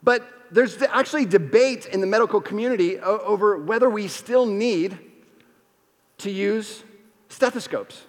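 A man preaching a sermon in a casual, energetic, conversational way, acting out the people in the story. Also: high voice, normal speed, big-room sound. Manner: energetic, conversational, acts out quotes. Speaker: pastor.

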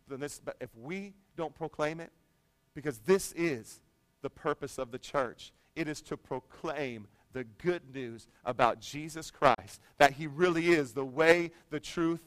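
A man's voice: on the high side, pushed and bright, clear, resonant tone, dry recording, low-quality recording. A young adult man, a pastor, preaching a sermon in a conversational way that builds to emphatic proclamation.

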